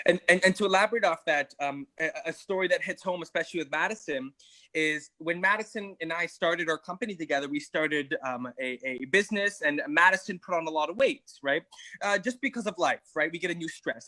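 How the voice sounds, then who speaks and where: Male coach, high bright voice, emphatic, dry close sound. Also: no room sound, low-quality recording. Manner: emphatic, keeps asking "right?". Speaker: weight-loss coach. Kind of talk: motivational group talk.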